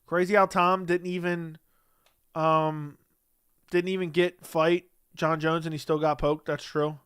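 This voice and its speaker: A man's voice: fairly high pitch, little pitch movement, unhurried, a bit bright, smooth, no echo, clean studio sound. A man hosting a casual livestream, reading chat messages aloud and answering them in a blunt, dismissive way.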